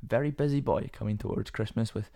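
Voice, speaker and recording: A man's voice: lowish voice, brisk, creaky, mellow. A young man hosting a casual solo podcast, rambling and self-deprecating with many fillers and restarts, his voice sometimes cracking. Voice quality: voice cracks at times. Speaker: podcast host.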